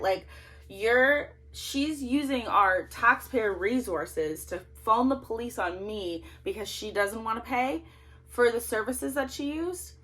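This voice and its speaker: A woman's voice: on the high side, expressive, measured pace, a bit bright. A woman in her thirties vents straight into her camera, indignant and ranting, her voice swinging sharply up and down as she talks. She has no proper microphone and records in a cramped closet at home. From Canada. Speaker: political vlogger. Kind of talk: emotional monologue to camera. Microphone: no microphone, camera's built-in mic.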